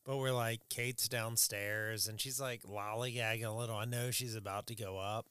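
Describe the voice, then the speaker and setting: A man co-hosting a podcast, chatting in a relaxed, reflective and self-deprecating way. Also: on the low side, normal speed, clean tone, no room sound, studio quality. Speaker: podcast co-host. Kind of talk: casual chat.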